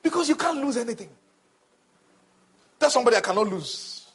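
A male preacher delivering a call-and-response sermon that builds to shouting. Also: extremely high pitch, expressive, a little fast, husky.

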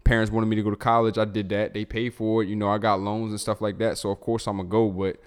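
A man in his thirties with a Baltimore accent speaks in a low, smooth, resonant voice. He tells his story to an interviewer in a loose, rambling way, full of "um" and "you know.". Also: fast talker. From Baltimore, Maryland. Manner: relaxed, rambling storytelling with many fillers. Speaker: guest, music producer and songwriter. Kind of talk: casual interview talk.

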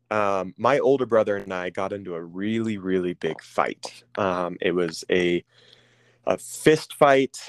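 A man candidly telling a personal story as an interview guest, pausing often with ums and restarting phrases. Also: fairly low pitch, no room sound. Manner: halting, with frequent ums and restarts.

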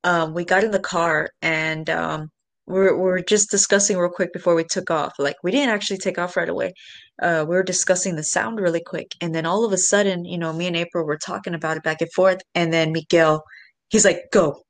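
A woman telling a story in casual chat, animated, swearing and speaking straight to the listeners. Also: fairly low pitch, fairly quick.

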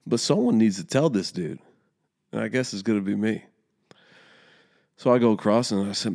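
A man with a very deep, low voice tells a story in a relaxed, casual way. He swears freely and gets more heated as he goes, as a young youth soccer coach speaking to his listeners. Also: brisk, gravelly.

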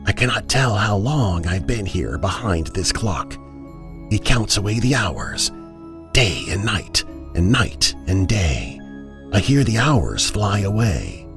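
A man's voice: on the low side, sing-song, slow, over music, exaggerated voice. A man voicing the ghost of a little girl in a whispery, airy voice. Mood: eerie.

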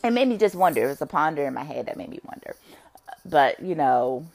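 Low-pitched rambling woman, lively swings. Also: very fast, gravelly. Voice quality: expressive, swings between low murmur and loud outbursts. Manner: rambling, musing, swears freely, many fillers. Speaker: vlogger. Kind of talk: casual monologue to viewers.

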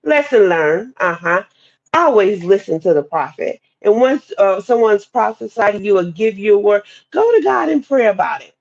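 A woman telling a personal testimony story in a lively, expressive way, talking straight to her listeners. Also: mid-range voice, moderate pace. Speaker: guest speaker sharing testimony. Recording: dull lo-fi podcast audio.

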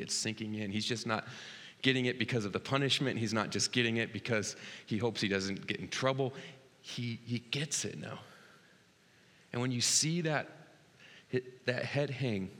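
A man in his thirties preaching a sermon as pastor, earnest, dropping to a hush and then rising loud and excited. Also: on the low side, normal speed. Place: church sanctuary. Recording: long hall reverb.

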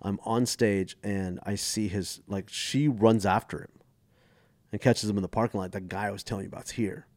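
A fairly low-voiced man in his forties from the United States, appearing as a guest comedian, speaks at normal speed on a dry recording. His casual podcast storytelling is animated, and he acts out the voices of those he quotes.

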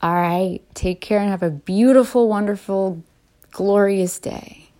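A woman in her late thirties talking in a casual, heartfelt and rambling way as a vlogger, often laughing softly between restarts. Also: mid-range voice, unhurried. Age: late 30s. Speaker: vlogger and podcaster. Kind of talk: casual heartfelt personal talk.

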